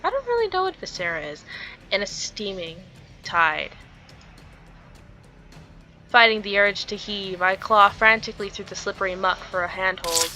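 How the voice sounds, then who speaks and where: A woman's voice: medium pitch, sing-song, moderate pace, long pauses, bright, forceful tone, soft background music. A woman reading a visual novel aloud, dramatizing the story and breaking off into giggly asides. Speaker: game streamer.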